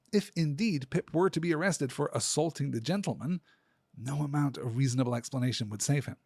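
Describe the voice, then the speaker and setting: A man hosting a podcast, talking through a classic novel in a measured, analytical way. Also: medium pitch, darkish tone, breathy edge, dry recording, studio quality. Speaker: podcast host. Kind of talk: literary discussion.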